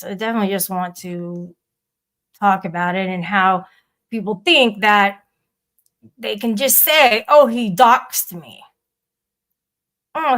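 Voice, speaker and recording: A woman's voice: mid-range voice, fairly bright tone. A woman hosting a live audio chat room, rambling and blunt, swearing casually as she addresses listeners.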